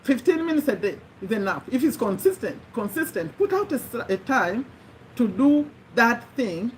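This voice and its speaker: A woman's voice: on the high side, very animated, moderate pace, slight background noise, rough recording. A woman giving an earnest, conversational motivational talk, repeating her key phrases for emphasis. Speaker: motivational speaker.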